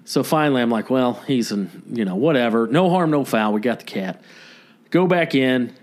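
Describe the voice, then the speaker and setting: A man's voice: mid-range voice, moderate pace. A man co-hosting a comedy podcast, telling a long story in casual chat and acting out the people in it. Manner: animated storyteller who acts out quotes. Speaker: podcast co-host.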